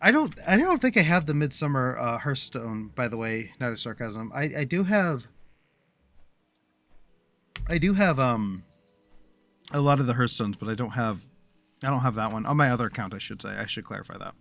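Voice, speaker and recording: A man chatting casually over his gameplay in a middle-pitched voice. He rambles and restarts his thoughts often, talking straight to his viewers. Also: lively intonation, normal speed, vocal fry, long pauses, a bit bright, soft background music. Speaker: livestreamer.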